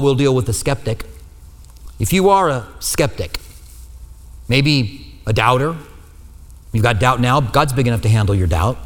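A male pastor preaching a sermon, telling the story lively and acting out the quoted lines with humor. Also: mid-range voice, in a large hall.

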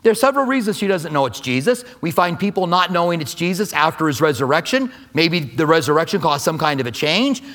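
Animated storytelling male pastor. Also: a little high, fairly quick, few pauses. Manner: storytelling, wide swings from loud animated to hushed. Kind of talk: sermon.

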